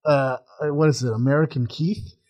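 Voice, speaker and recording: A man's voice: mid-range voice, steady tone, normal speed, a little mellow. A young man co-hosting a casual podcast, talking in a rambling, hesitant way with many fillers. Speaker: podcast co-host. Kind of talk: casual chat.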